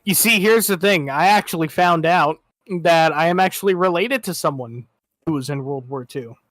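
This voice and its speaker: A young man chatting as co-host, making deadpan jokes, swearing often and getting excited. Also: a little high, normal speed, no room sound. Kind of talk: casual chat on a live show.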